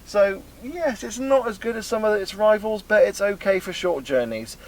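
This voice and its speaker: A man's voice: high-pitched, animated, normal speed. A man, chatting through a car review, explaining the car as he sits in it and drives. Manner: chatty, explanatory, talks while driving. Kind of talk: casual car review talk. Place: inside a car, partly on the road. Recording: loud road and engine noise.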